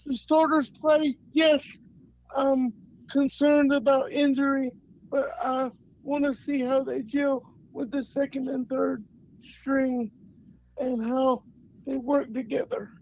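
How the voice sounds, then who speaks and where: A man's voice: very high-pitched, level tone, gravelly, slight background noise. A man in his forties from North Carolina, calling in to a sports show and talking earnestly as a fan. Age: 40s. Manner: slow, earnest fan talk. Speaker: caller. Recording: dull phone line.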